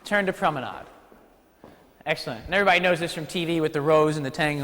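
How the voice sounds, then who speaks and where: An energetic man teaching a ballroom class, calling out counts with a lively, swooping delivery and a fairly high voice. His words ring out with a long reverb. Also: brisk, pauses often, slight background noise. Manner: energetic, counts steps aloud, playful asides. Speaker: dance teacher. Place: dance studio hall.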